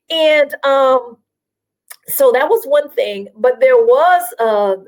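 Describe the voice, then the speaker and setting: A woman from South Carolina, a guest on an interview show, telling her story in an animated, chatty way with frequent fillers. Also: a little high, low-quality recording.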